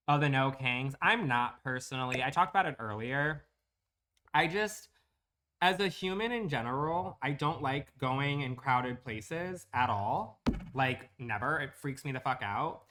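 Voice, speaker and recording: A man's voice: mid-range voice, sharp tone. A man chatting bluntly and profanely with viewers while streaming a building game. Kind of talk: casual livestream chat.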